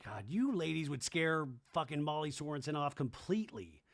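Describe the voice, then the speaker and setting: A man hosting a comedic podcast, recapping a reality show episode and breaking into shrill character impressions. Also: moderate pace, gravelly, dry recording. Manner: animated, switches into shrill screaming impressions.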